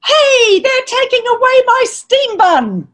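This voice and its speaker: This is a hungry young rat from a storybook, and he cannot sit still. His voice squeaks far above ordinary speech and leaps up and down with breathless excitement, as a woman reading aloud puts him on. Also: takes it slowly, heavily acted. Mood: eager.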